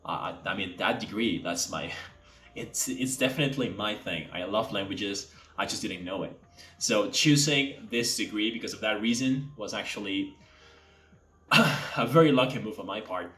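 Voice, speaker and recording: A young man from Mexico, an English teacher, chatting casually to camera and speaking deliberately from the throat. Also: on the low side, pushed and bright. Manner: speaks from the throat to sound native-like. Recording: echoey room.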